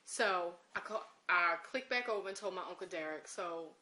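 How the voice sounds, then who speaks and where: A woman's voice: on the low side, normal speed, bright, forceful tone, slight background noise. A woman recounting an emotional personal story in an interview, acting out the conversations she quotes. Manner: emotional recollection.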